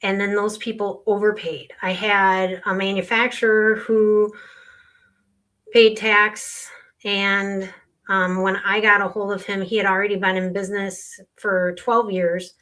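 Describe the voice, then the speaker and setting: A woman's voice: mid-range voice, flat delivery, measured pace, fairly bright tone. Woman earnestly explaining tax on a podcast. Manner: explains earnestly with client stories. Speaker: sales tax consultant guest. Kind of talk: podcast conversation.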